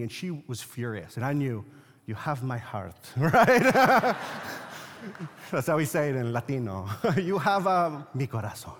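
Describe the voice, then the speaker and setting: A pastor delivers a sermon in a fairly high voice, dropping low to tell a story and then rising to a forceful, insistent pitch. The long reverb of a large hall trails after each phrase. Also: male voice. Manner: swings from quiet storytelling to loud, insistent preaching.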